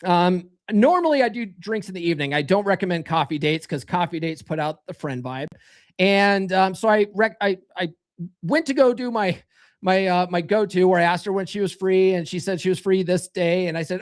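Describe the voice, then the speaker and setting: A man in his thirties, a dating coach, hosts a livestream about dating in a high, brisk voice. He reads chat comments bluntly and crudely, calls listeners brother, and mimics others in raised voices.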